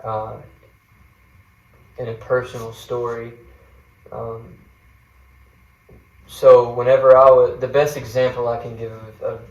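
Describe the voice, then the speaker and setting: A man's voice: mid-range voice, flat delivery, takes it slowly, long pauses, distant mic, dull audio. Earnest man telling a story in an echoey room. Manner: earnest, rambling, with many fillers and restarts. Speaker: guest mentor sharing a testimony. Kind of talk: personal storytelling in a faith podcast chat.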